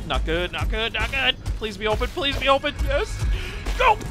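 A man narrates his own gameplay in an excitable rush, yelping and taunting as he goes. His voice sits high and swings widely in pitch. Game music plays clearly underneath. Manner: excitable, yelping and taunting, rapid repeated phrases. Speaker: gaming YouTuber.

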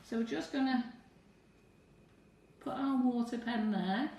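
A woman's voice: on the high side, slow pace, mellow, far from the mic. A woman teaching cake decorating on a live stream, chatting to viewers as she works through each step. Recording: echoey room, away from the mic.

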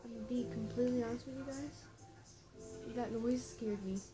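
A woman's voice: fairly high pitch, steady tone, normal speed. A woman giving casual, nervous commentary while playing a game, talking straight to her viewers. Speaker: gaming vlogger. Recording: music playing under the voice.

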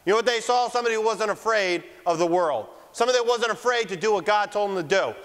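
High-voiced preacher in an echoing hall. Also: male voice, animated, quick pace. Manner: mocking, acts out voices, shouts for emphasis. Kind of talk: fiery sermon. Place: church sanctuary. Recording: long church hall reverb.

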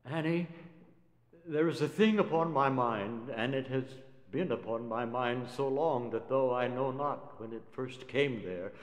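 An earnest, lovesick suitor pleads in slow, measured words, voiced by a man reciting a poem. The voice sits at an ordinary male pitch and rings out in a roomy hall with a long reverb. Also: lightly acted. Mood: earnest pleading. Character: lovesick, patient grown man, humble suitor. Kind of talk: dramatic poetry recitation.

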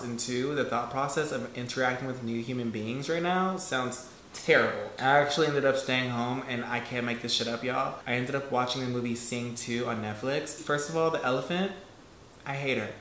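A young man with a fairly high voice, talking to camera in a sassy, campy vlog, swearing freely. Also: brisk, a bit bright, slight background noise. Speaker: vlogger. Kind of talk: casual vlog talk to camera. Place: Los Angeles, outdoors and at home. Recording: music playing behind.

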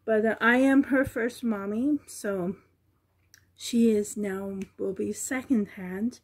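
A woman at home on the floor, showing a doll she is selling, talking softly with many ums and a little out of breath. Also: medium pitch, fairly even intonation, slow pace, slightly rough. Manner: soft, cooing over the doll, with many ums. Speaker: reborn doll seller. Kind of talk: casual show-and-tell vlog.

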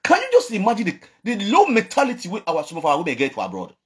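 A man's voice: high-pitched, wildly swooping pitch, racing, slightly rough. A man with a Nigerian accent ranting in a vlog, scolding and mocking, repeating his phrases and laughing between lines. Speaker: online commentator.

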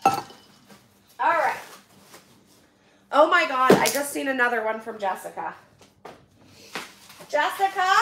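A young woman with a Western Pennsylvania accent, chatting on a home livestream as she opens gifts from viewers, effusive and quick to laugh. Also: sits high, sing-song. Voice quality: effusive, gushing, laughs often. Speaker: vlogger opening viewer donations on a livestream. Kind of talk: casual livestream chat. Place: indoors at home, kitchen area. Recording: echoey room, clear background noise.

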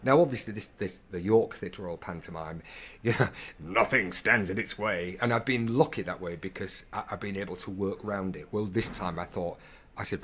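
A man's voice: sits low, normal speed, a little hiss or hum. A male actor telling stories in a casual interview, acting out the dialogue as he goes. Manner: animated storyteller acting out dialogue. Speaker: actor, podcast guest.

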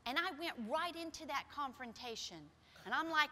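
A middle-aged woman pastor preaching a sermon with personal stories in a church, shifting from soft, quiet passages to loud, emphatic ones. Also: high voice, lively intonation, moderate pace. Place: church sanctuary. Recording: long hall reverb.

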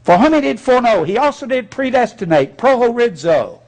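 A man's voice: extremely high pitch, big pitch swings, brisk, darkish tone. A man preaching a sermon as pastor, speaking bluntly and folksily with mocking asides.

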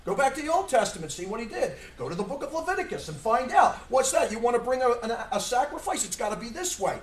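A man's voice: extremely high pitch, very animated, quick pace, a little hiss or hum. Emphatic male preacher in an echoey church. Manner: rhetorical questions, emphatic, sometimes shouting. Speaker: pastor. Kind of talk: sermon. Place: church sanctuary. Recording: echoey church room from far off.

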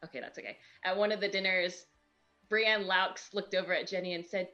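Giggly woman with a bright, lo-fi voice. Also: medium pitch, normal speed, faint music behind. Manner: giggly, chatty, self-deprecating. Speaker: pro golfer playing an online match. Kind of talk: casual chat during a game.

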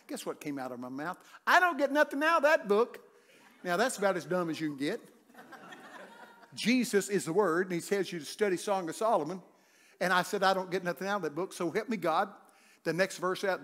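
An older man preaching a humorous sermon, telling folksy stories and breaking into loud shouts. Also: a little high. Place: church sanctuary.

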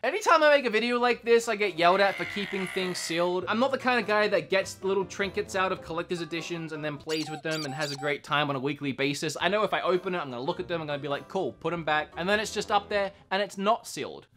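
A man's voice: high voice, fast talker, few pauses, bright, forceful tone, soft background music. A young man hosting a casual vlog, chatty and enthusiastic, laughing often as he talks. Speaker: YouTube game collector host.

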